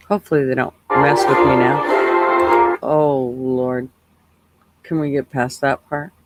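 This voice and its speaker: A man's voice: mid-range voice, little pitch movement, takes it slowly, over music. A man hosting a live stream, chatting casually with viewers and making wry, muttered asides. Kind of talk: casual reaction commentary.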